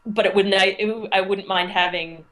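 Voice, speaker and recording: Fairly quick and fairly bright in tone, this medium-pitched, steady voice belongs to a middle-aged teacher from the United States. She tells stories from her life in a relaxed interview, reflective and frequently starting over mid-thought.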